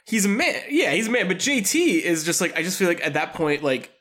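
A man's voice: high voice, sing-song, brisk, a bit bright. A man co-hosting a podcast in casual chat, hesitant, leaning on "like" and trailing off. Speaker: podcast co-host.

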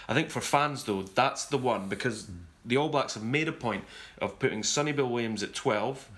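A man hosting a rugby discussion, talking in a measured, thoughtful way and sometimes correcting himself mid-sentence. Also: lowish voice, fairly bright tone. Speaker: rugby podcast host. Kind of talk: casual sports discussion. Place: touring abroad covering a series.

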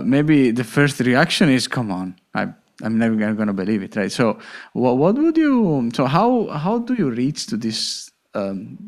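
A man hosting a conversation on mindfulness, speaking haltingly with many fillers. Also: medium pitch. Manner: halting, with many fillers, non-native phrasing. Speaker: host. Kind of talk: interview conversation.

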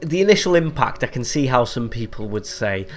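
A man's voice: medium pitch, big pitch swings, a little fast. A man in casual chat on a podcast, blunt, crude and joking.

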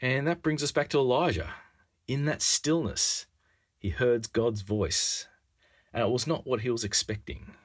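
A man's voice: mid-range voice, measured pace, husky. A man preaching a sermon in an earnest, wry way, acting out quoted lines with a rising voice.

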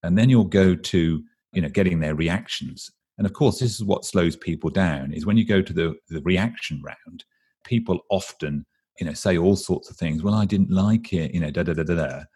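An English man with a very low, husky voice talks as a guest expert. He explains at a brisk clip and slips into little quoted voices to act out what people say. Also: a little mellow. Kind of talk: explaining in an interview.

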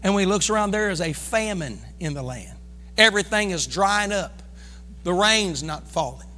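A man preaching a fervent sermon, calling on his congregation to respond and breaking into shouts. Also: sits high, animated, normal speed, big-room sound. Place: church sanctuary.

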